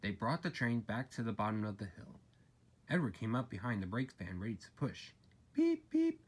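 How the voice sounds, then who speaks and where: A man reading a children's railway story aloud, with expressive storybook narration. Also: lowish voice, a little fast, breathy edge.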